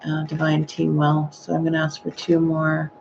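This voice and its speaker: A woman giving a live-streamed psychic reading, speaking gently and hesitantly with frequent sighing exclamations. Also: deep voice, monotone, normal speed, gravelly, muffled recording, a little hiss or hum. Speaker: psychic medium.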